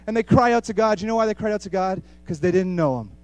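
A man preaching a sermon with passion, repeating phrases for emphasis and swinging between hushed and loud. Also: high voice, expressive, fast talker, hardly any pauses, clear, resonant tone, no room sound.

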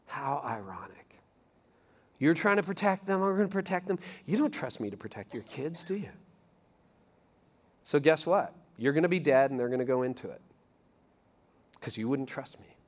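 A man's voice: medium pitch, normal speed, pauses often. A man preaching a sermon in a casual, conversational way, swinging from emphatic lines to near-whispers. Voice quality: animated, conversational preaching with sudden soft drops. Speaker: pastor.

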